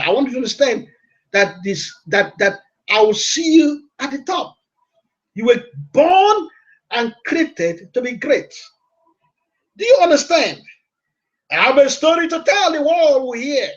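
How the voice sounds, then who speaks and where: Male motivational radio host: high, swooping voice, emphatic and repetitive, dull lo-fi recording. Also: a bit bright. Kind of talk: preaching broadcast.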